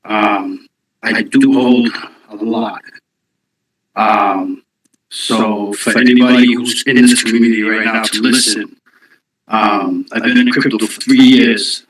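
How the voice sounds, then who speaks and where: A man talking casually into his phone on a live audio space, out of breath, halting, with many ums and restarts. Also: fairly low pitch, steady tone, a bit bright, roomy sound, low-quality recording. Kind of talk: casual call-in talk.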